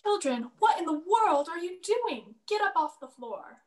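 A caring, fussy mother in a school stage play, acted by a young woman. She frets and gently scolds her children. Her voice is high. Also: big pitch swings, unhurried, roomy sound, heavily acted. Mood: fussing. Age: young adult. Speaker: student actor.

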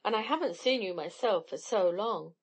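A woman voicing an excitable, slightly selfish schoolgirl who gushes and pouts. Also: mid-range voice, normal speed, slightly rough. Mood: excited. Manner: gushing, pouting.

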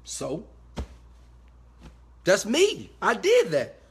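A man giving a motivational talk to his viewers, emphatic and preachy, swinging from quiet asides to loud shouted bursts. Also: high-pitched, huge pitch swings, extremely slow, husky. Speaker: motivational speaker.

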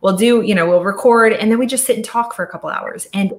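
Middle-aged woman, studio founder type, chatty with restarts, mid pitch, echoey room on a video call. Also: fast. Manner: chatty, thoughtful, with frequent restarts. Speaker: audio studio founder, guest speaker. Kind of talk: casual virtual talk.

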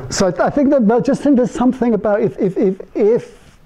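Addressing a small gathering of therapists in a meeting room, an older man spins anecdotes in a loose, conversational way, imitating the characters in his stories and pausing and restarting as he thinks aloud. His voice is very high, and background noise is audible.

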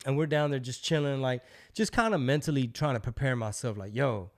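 Speaking briskly, a middle-aged man who hosts a podcast tells a long, casual story, cursing freely and animatedly performing the voices of everyone he quotes. His pitch is a typical middle range for a man.

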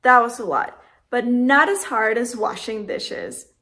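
A woman teaching Spanish verbs in a scripted lesson, speaking slowly and carefully, spelling out letters and conjugations one by one. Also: fairly high pitch, expressive, pushed and bright.

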